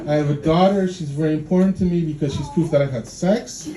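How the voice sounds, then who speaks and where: A man from Poland doing dry, dark stand-up and teasing the crowd, on a handheld mic in a club. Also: a little high, fast. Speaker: stand-up comedian. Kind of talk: stand-up comedy. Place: dark club room in a city. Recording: echoey club with loud audience noise.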